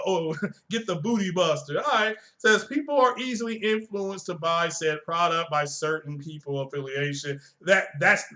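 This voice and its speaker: A middle-aged man hosts a casual live stream, talking in a high voice. His tone is bright and forceful as he rants bluntly and swears freely, chuckling at his own jokes. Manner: blunt, profane and joking, chuckles often.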